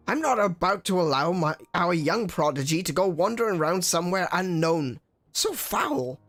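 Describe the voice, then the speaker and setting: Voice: mid-range voice, voice pushed up, close to an everyday voice. A streamer plays an eccentric old inventor from a video game, fussy and flustered, tripping over his words. He frets and lectures in a middling voice that leaps up when he gets worked up. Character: eccentric older male inventor scientist. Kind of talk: voicing game dialogue.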